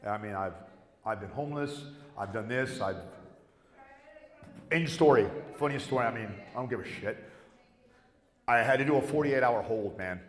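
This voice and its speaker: A man's voice: medium pitch, normal speed, long pauses. Profane storytelling man in an echoey hall. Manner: profane, rambling, acts out dialogue. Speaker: panel guest. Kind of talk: storytelling at a convention panel. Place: convention panel room.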